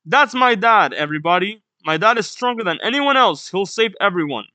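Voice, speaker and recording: An eager little boy shouts with excitement about his father, as a man reads his part aloud from a comic. The voice sits a bit high and swings widely in pitch. It has a bright, dry sound. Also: a little fast, dry recording. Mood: excited. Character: excited young boy cheering for his dad.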